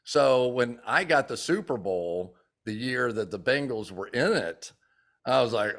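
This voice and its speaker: Animated older man telling stories. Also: medium pitch, unhurried. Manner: animated storyteller who acts out quotes. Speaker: former football player and TV analyst. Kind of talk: casual interview chat.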